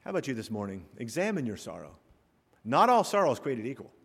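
A male pastor preaching a sermon, swinging from quiet asides to loud, rising exhortation. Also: mid-range voice, big pitch swings, quick pace, vocal fry, husky. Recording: long hall reverb.

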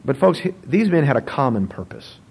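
A man, a pastor, preaching a sermon in an animated, joking storytelling manner. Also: medium pitch, fairly quick, vocal fry, husky, rough recording.

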